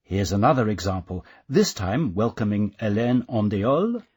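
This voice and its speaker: Husky-voiced man narrating a lesson. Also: fairly low pitch, moderate pace. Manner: steady, guiding delivery. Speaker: language course narrator. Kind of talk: scripted instructional narration.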